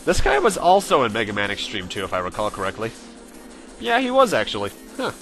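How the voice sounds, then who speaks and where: Bright-voiced man casually commentating gameplay. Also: fairly low pitch, huge pitch swings, brisk, soft background music. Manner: chatty and self-correcting, with frequent fillers. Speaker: let's play host.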